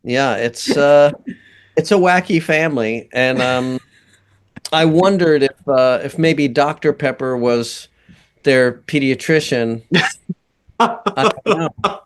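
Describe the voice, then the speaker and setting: A man's voice: mid-range voice, clear, resonant tone. A man being interviewed as a guest composer and voice actor, chatting casually with a rambling delivery and frequent laughs. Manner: slow, rambling, laughs often.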